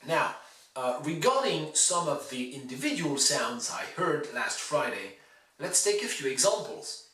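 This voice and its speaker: A male teacher giving a pronunciation lesson, saying words slowly and stressing each syllable with care. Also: medium pitch, sing-song, sharp tone. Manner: slow, deliberate, exaggerated stress on words. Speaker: university English teacher. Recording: roomy, from a distance off mic.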